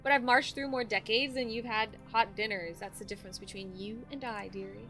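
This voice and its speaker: A sassy, folksy grandmother figure who keeps wheedling to come inside, put on by a woman. She strings together old-fashioned sayings and calls the listener dearie. The tone stays bright and crisp. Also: fairly high pitch, steady tone, brisk, faint music behind.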